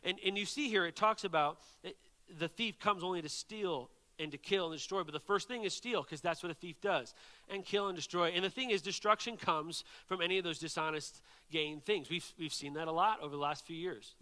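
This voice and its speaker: A man preaching a sermon, telling a story in an animated way and often checking in with "right?" and "okay?". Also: fairly high pitch, fairly quick, long reverb tail.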